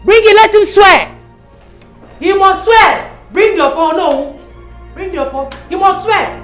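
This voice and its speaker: A woman's voice: very high voice, slow, soft background music. An actress with a Nigerian accent playing a fierce royal mother who scolds and insists her son will take the throne. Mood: insistent. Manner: defiant and scolding. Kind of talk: Nollywood film acting.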